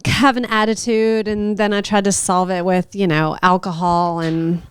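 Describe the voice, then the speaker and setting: A woman's voice: mid-range voice, level tone, normal speed, clear, resonant tone, no echo, studio quality. A young woman co-hosting a podcast, telling a rambling everyday story in a casual, chatty way. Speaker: podcast co-host. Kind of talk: casual chat.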